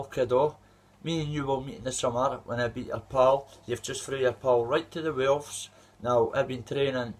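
A Scottish man in his thirties, an amateur fighter, rants aggressively at a rival in a trash-talking callout video. His voice sits in the mid-range with a breathy edge.

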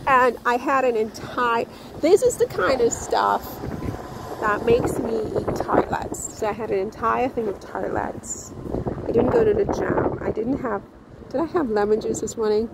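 A woman chats to her camera in a rambling, animated way, full of restarts and little asides. Her voice sits a bit high and she drags her words out slowly. Street noise and wind hiss loudly behind her. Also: creaky. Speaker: vlogger. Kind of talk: casual vlog talk to camera. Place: outdoors on town streets.

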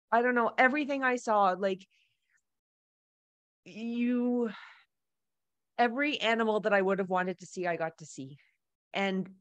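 A woman telling a personal travel story in a casual, animated way, laughing often and acting out the dialogue. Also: medium pitch, no echo.

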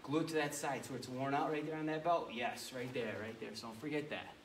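A man's voice: mid-range voice, steady tone, brisk, background noise. A male martial arts instructor leading a children's class with commanding, playful energy. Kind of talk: kids' karate class instruction. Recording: echoey room heard from a distance.

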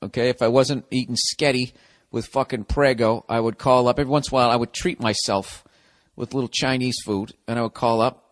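A man's voice: medium pitch, fairly even intonation, brisk. A man in his forties from the United States hosting a podcast, rambling through a casual solo monologue full of swearing and wisecracks. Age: 40s. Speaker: podcast host.

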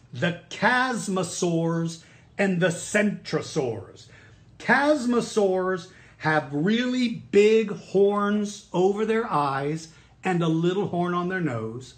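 A man giving an online lesson for children, talking to them directly with enthusiasm. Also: fairly high pitch. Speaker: dinosaur educator. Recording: roomy echo.

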